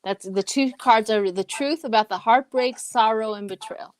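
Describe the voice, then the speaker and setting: A woman chatting on a tarot live stream, bubbly and quick to jump in. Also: a little high. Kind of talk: casual live-stream chat.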